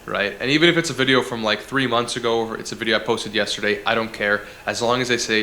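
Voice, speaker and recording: A man's voice: medium pitch, fairly even intonation, fast, hardly any pauses, sharp tone, a little hiss or hum. A man, a guest on an interview over a video call, giving direct and casual advice. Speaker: guest, content strategist.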